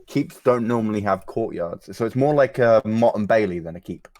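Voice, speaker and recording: A man's voice: lowish voice, normal speed, darkish tone, no echo. A man playing an online tabletop game, explaining and correcting details in casual chat. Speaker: player.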